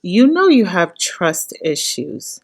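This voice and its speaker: A woman giving blunt, animated commentary on a reality show, often talking straight to the people on it. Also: on the low side, slow.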